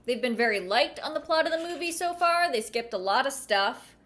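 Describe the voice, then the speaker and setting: A woman's voice: high-pitched, lively intonation, brisk, fairly bright tone. A woman reading a children's book aloud and breaking off for wry, chatty asides. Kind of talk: casual reading with commentary.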